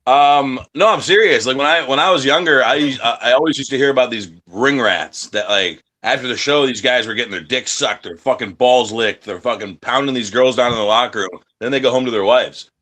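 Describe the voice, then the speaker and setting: A man's voice: mid-range voice, fairly quick, few pauses, pushed and bright. Brash, profane male wrestler. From United States. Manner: profane, brash and boastful, acts out voices in his stories. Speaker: independent wrestler, guest. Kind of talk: casual interview talk.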